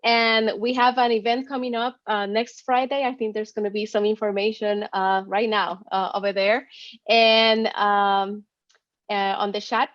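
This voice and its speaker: A woman's voice: medium pitch, fairly even intonation, measured pace, no room sound. Hesitant woman, dry dull video call. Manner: hesitant, many uh fillers, laughing. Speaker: assistant professor. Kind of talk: webinar introduction.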